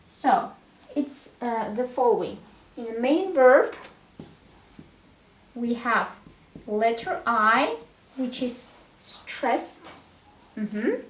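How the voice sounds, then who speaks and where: A woman teaching English verbs, saying each form slowly and clearly and often checking in with the learner. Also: fairly high pitch, lively intonation, echoey room, slight background noise. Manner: drills verb forms one word at a time, checks in with "all right?". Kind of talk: slow, deliberate language lesson.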